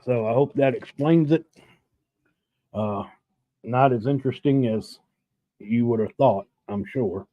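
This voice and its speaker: This is casual storytelling chat over drinks: a middle-aged live-stream host, unhurried and medium-pitched, rambles through a profane tale with long pauses. The lo-fi audio is dull and dry, with no echo.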